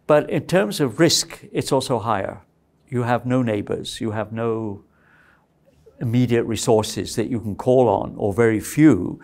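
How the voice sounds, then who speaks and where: Chatty male lecturer checking in often. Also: mid-range voice. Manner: conversational, checks in with "right?" and "okay?". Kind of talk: university lecture.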